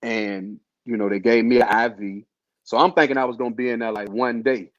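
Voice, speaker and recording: A man's voice: mid-range voice, fairly even intonation, brisk, dry recording. A man telling a personal story in a casual, slangy way, full of fillers. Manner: laid-back, slangy, loose with fillers. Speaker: host telling his illness story. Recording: dull lo-fi sound.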